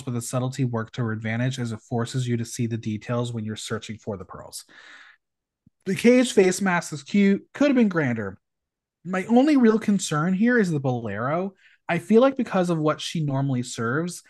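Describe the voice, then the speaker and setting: A man hosting a podcast, recapping a show in casual chat and reading out judges' comments with emphatic, campy delivery. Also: fairly high pitch. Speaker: podcast host.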